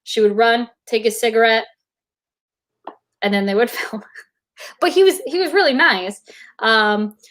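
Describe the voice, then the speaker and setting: A woman guest on a video-call interview, telling an animated anecdote and acting out quotes. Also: unhurried, long pauses. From United States. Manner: animated, acts out quotes in high voices. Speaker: guest actor. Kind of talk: casual storytelling.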